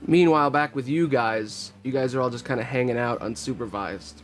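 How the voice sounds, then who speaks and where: A man narrating as game master in a casual, relaxed way. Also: mid-range voice, fairly quick, faint music behind.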